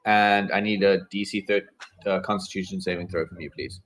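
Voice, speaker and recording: A man narrating and running combat as game master, in a relaxed way with many fillers. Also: low voice, brisk, a little hiss or hum, low-quality recording.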